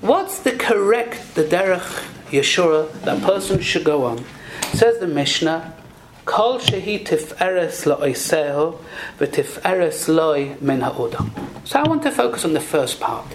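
A man's voice: on the high side, sing-song, unhurried, background noise. A man giving a Torah sermon, teaching in a sing-song cadence, weaving in Hebrew and Yiddish phrases and posing rhetorical questions to his listeners. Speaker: rabbi giving a Torah talk.

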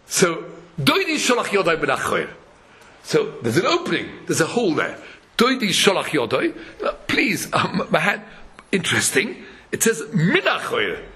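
This is a Torah lecturer whose voice sits fairly high and moves at an ordinary pace. His sermon is animated: verses are chanted, quotes and parables get acted out, and he chuckles a lot.

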